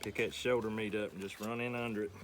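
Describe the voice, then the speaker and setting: A man's voice: on the low side, little pitch movement, fast talker, soft background music. A middle-aged man hosting a homestead show, giving an easygoing, folksy step-by-step demonstration. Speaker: homestead channel host. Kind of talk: how-to demonstration.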